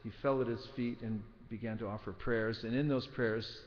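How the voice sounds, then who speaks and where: A man giving a scripture class, telling a story in an earnest, measured way. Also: mid-range voice, fairly even intonation. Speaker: spiritual teacher. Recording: dull recording in a reverberant hall.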